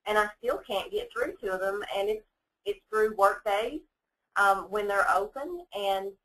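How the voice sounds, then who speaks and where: Emphatic woman, bright and distant. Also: medium pitch, unhurried. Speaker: guest speaker, mystery shopper. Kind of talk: webinar discussion.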